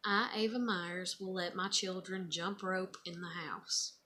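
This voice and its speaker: A woman's voice: fairly low pitch, steady tone, unhurried, a little hiss or hum. A woman in her thirties, a mother, casually chatting and reading her child's old letters aloud, rambling and emotional. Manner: rambling, soft-spoken, emotional. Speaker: vlogger, mother.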